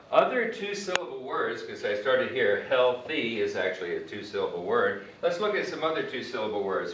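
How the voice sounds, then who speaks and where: A man's voice: mid-range voice, a bit bright. A man teaching English grammar who spells words out letter by letter and repeats each example sentence while writing on a board. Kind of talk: grammar lesson. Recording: echoey room, mic far off, faint background noise.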